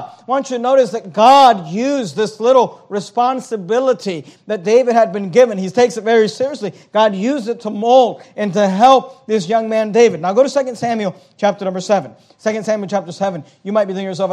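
A man's voice: high voice, a little fast, hardly any pauses, darkish tone. A pastor preaching a sermon. He reads scripture aloud and earnestly explains it to his congregation.

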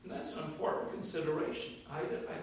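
Older male preacher, slightly high voice, measured and emphatic, heavy church echo from a distant mic. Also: little pitch movement, a little hiss or hum. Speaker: pastor. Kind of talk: sermon.

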